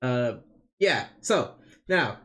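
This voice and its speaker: A man's voice: mid-range voice, very animated, very slow, a bit bright. A man co-hosting a podcast, chatting casually about wrestling in a rambling, hesitant way with lots of fillers. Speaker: podcast co-host. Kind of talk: casual wrestling recap chat.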